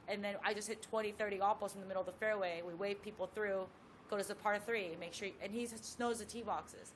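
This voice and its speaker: A woman, a professional golfer, telling a story as a guest in a casual chat with lively asides. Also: medium pitch, quick pace, slight background noise.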